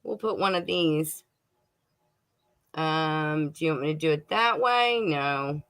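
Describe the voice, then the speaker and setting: Bright-voiced chatty homestead host woman. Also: low-pitched, slow pace, smooth. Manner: chatty, laughs and munches while talking to viewers. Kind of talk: casual livestream chat.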